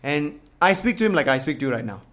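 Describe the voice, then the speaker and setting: A man with a Singaporean accent talks casually and candidly, stumbling over restarts and swearing as he goes. He sounds animated and unguarded, like a co-host telling stories from his younger days. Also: a little high, fast talker. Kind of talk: casual chat.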